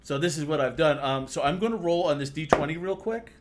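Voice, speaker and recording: A man's voice: fairly high pitch, animated, loud music behind the voice. Laughing man running a tabletop game. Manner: quick, laughing, stumbling narration. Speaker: game master. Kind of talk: narrating a tabletop game on a livestream.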